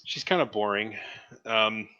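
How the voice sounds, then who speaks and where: Low-voiced man running a tabletop game. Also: a little slow, highs cut off. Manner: relaxed, hesitant narration with many fillers. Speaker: game master.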